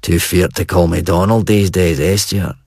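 Man reading as a cold middle-aged clan head, deep, husky, blunt and clipped, dry studio sound. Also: steady tone, normal speed, darkish tone, no room sound. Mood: cold, scornful. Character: gruff middle-aged Scottish clan patriarch, cold and contemptuous. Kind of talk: audiobook character voice.

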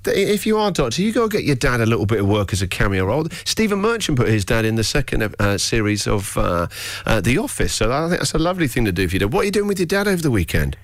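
A man's voice: mid-range voice, big pitch swings, no echo, clean studio sound. A man hosting a radio breakfast show, chatting and teasing his guest. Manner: teasing, chatty, quick with jokes. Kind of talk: casual on-air chat. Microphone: studio microphone.

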